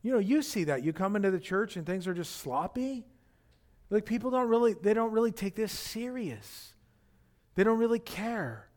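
A man's voice: high-pitched, lively intonation, moderate pace, darkish tone. A man, the senior pastor, preaching a conversational sermon full of fillers and restarts.

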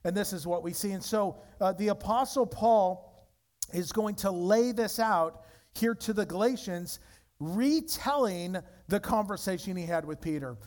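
Man, pastor, sermon, high voice, emphatic, rising and dropping in pitch and volume. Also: unhurried. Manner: emphatic preaching with wide swings in pitch and loudness.

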